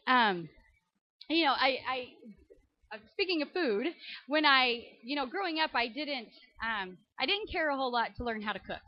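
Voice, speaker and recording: A woman from Indiana in her thirties, telling a comic story with animated delivery, laughing often and squealing high when surprised. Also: no echo, highs cut off. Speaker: comedian. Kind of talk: comedic storytelling to a church audience.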